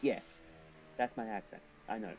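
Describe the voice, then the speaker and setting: Chatty male game streamer, mellow voice. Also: fairly low pitch, moderate pace, faint music behind, rough recording. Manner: chatty, thinking aloud, talks to chat. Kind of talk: casual live commentary while racing.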